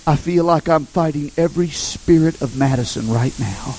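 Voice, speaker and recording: A man's voice: a little high, moderate pace, darkish tone, a little hiss or hum, rough recording. A man preaching a sermon and telling a story with passion and many repetitions.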